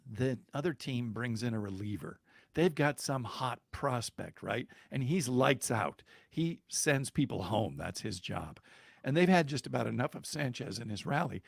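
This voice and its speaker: A man spins a story on a podcast with a gravelly, mid-pitched voice. He chuckles through his telling and stumbles over the odd restart and filler. The sound is close and dry, with no room around it. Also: no room sound. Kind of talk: conversational storytelling.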